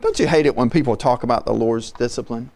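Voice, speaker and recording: A man's voice: medium pitch, quick pace, a little mellow. A man preaching earnestly on a podcast, repeating his points. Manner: earnest, repetitive exhortation. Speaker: pastor. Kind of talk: podcast sermon.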